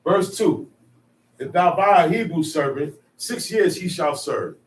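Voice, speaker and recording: A man's voice: a little high, expressive, a little slow. A man backing up a preacher with short affirmations, then reading scripture aloud. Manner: affirming interjections. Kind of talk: call-and-response agreement. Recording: echoey, distant mic, faint noise.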